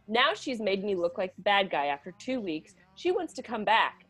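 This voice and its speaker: A woman co-hosting a comedic advice podcast, reading listener letters aloud and then mulling them over in a chatty, halting way. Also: mid-range voice. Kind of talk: casual comedic podcast chat.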